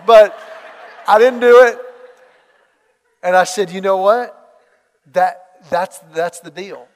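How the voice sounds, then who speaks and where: Guy preaching, acts out the dialogue in his stories, high pitched, big echoey hall. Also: measured pace, long pauses. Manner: animated storytelling, acts out quoted dialogue. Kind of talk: sermon with storytelling.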